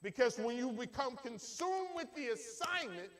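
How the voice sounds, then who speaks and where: A man's voice: very high-pitched, expressive, moderate pace, crowd noise. A man preaching a sermon in a church, telling a folksy personal story with emphatic delivery. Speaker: pastor.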